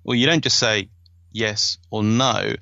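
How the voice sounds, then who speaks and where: Male podcast host, lowish pitch, digressive self-mocking chat, muffled dry recording. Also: fairly even intonation, a little slow, creaky, sharp tone, no room sound. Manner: chatty, digressive, self-mocking with frequent laughs. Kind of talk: casual chat.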